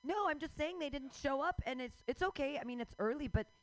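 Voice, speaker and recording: A woman's voice: high voice, a little fast, no room sound, low-quality recording. A woman in her forties hosting a radio show, ranting casually with swearing and frequent laughs. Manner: animated, swearing, laughs often.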